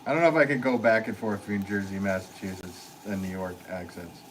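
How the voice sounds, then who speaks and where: A man's voice: low-pitched, fairly even intonation, a little fast, a little hiss or hum, rough recording. A man chatting casually while he works during a live stream from his pottery studio, rambling, full of fillers, and laughing often.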